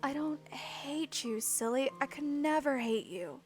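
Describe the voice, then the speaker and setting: A woman voicing a proud but caring young woman in a visual novel, drifting into an upper-class English accent, speaking slowly and tenderly. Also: high-pitched, lively intonation, faint music behind. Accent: attempted upper-class English.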